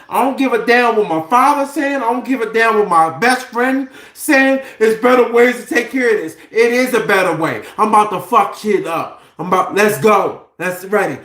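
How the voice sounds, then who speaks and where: A man's voice: extremely high pitch, fairly bright tone. Heated man ranting in an echoey room. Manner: heated, profane, preachy rhetorical questions. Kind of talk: impassioned monologue to camera.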